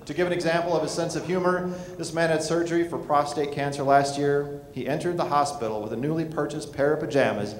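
A man with a somewhat high voice emcees a conference, introducing the speaker. He plays a dry, teasing straight man. The recording carries the long reverb of a big hall over faint background noise. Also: fast. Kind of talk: stage introduction and banter.

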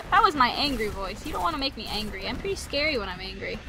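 A woman host giving playful, excitable let's-play commentary, taunting enemies and making silly sound effects as she plays. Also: fairly high pitch, fairly quick, a little hiss or hum. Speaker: gaming channel host.

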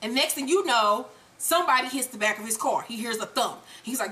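A woman hosting a casual TV episode recap, telling the story with profanity and acting out the characters' lines in an animated way. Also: on the high side, fast. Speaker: show recap host.

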